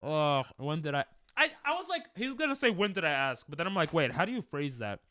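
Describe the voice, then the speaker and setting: A young man streams a game while sick, coughing between jokes and answers to chat. His voice is smooth and resonant, and his pitch jumps around a lot. It is recorded close and dry. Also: wildly swooping pitch, a little fast, pushed and bright, dry recording. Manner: casual, jokey, reads and answers chat. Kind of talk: live-stream gaming chat.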